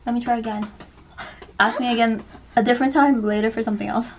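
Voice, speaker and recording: A woman's voice: a little high, steady tone, fast, a little hiss or hum. Chatty young woman vlogging. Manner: chatty, upbeat, self-narrating. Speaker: travel vlogger. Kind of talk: casual vlog chat. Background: music bed.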